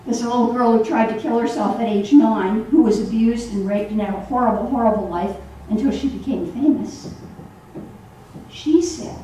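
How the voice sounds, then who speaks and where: A woman minister giving a sermon to a congregation in a church hall, animated and acting out the voices she quotes. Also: on the high side, moderate pace, a little hiss or hum. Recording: echoey hall, voice from far off.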